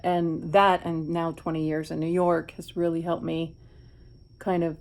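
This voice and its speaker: A middle-aged woman from Miami chats unhurriedly while doing her makeup at home. Her voice sits low with a gravelly fry, and she muses out loud, often restarting her sentences. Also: level tone, measured pace. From Miami, USA. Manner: reflective, rambling, frequent restarts. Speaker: beauty vlogger. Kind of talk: chatty get-ready-with-me vlog.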